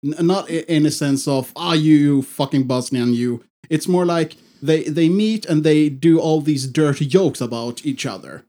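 A man's voice: a little high, normal speed, few pauses, dark tone. A man co-hosting a casual podcast, rambling and swearing freely, with frequent restarts. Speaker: podcast co-host.

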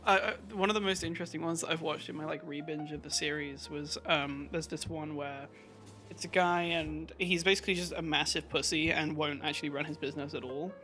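A man in casual podcast chat, high-pitched and bright in tone. He tells stories with energy and slips into quick impressions, with faint music under the talk. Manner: animated storytelling with put-on impressions. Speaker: podcast co-host.

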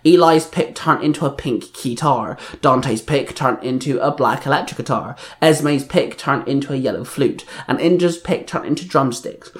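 A man's voice: mid-range voice, normal speed, hardly any pauses. A man reading an action story aloud, plainly, with small slips and restarts. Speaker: reader. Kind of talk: reading fan fiction aloud.

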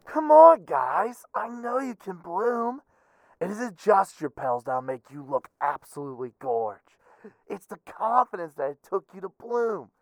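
A woman's voice: fairly low pitch, big pitch swings, unhurried, dry recording. A woman playing a gushing, upbeat teenage boy giving a motivational pep talk in an audio drama. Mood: encouraging.

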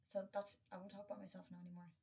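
A woman's voice: medium pitch, little pitch movement, racing, vocal fry, warm tone, distant mic. A young woman hosting her own podcast, talking candidly and earnestly in a casual solo monologue, swearing freely and with many fillers. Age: young adult. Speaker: podcast host.

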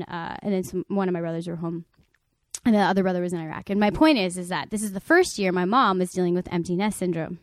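A woman's voice: on the low side, no echo. A young woman from Connecticut spins a family story on a podcast, bouncing between her own voice and the people she quotes, her talk packed with "like" and restarts. The recording is close and dry, with no room sound at all. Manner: animated, acts out the people she quotes, many "like" fillers. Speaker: podcast guest. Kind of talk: casual storytelling chat.

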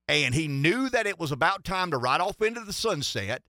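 Man in his sixties, talk radio host, lively bright voice, dry studio sound. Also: on the high side, moderate pace, no echo. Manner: rambling, many fillers and restarts, emphatic. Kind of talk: political talk radio commentary.

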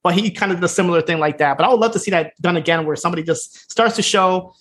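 A man's voice: high-pitched, racing, fairly bright tone. A man co-hosting a podcast, recapping an episode in casual chat, laughing often and acting out the characters' lines. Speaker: podcast co-host.

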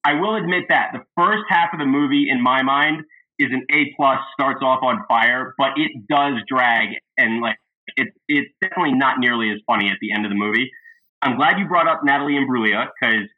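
Excitable man on a tinny line. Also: medium pitch, brisk. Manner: excitable, laughing at scenes he retells. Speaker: podcast host. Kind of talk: casual movie review chat. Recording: thin phone-like sound.

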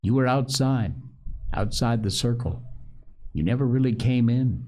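A man voicing a shaken boy leader who speaks low and halting, full of despair. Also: mellow, lightly acted. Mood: stricken.

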